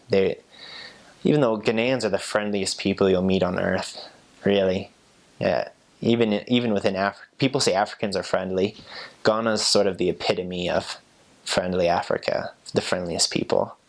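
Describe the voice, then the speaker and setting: A young man talks casually, with a very low voice and a gravelly creak. He is a former missionary explaining phrases, easygoing and chatty. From United States. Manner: relaxed, chatty, with fillers and soft laughs.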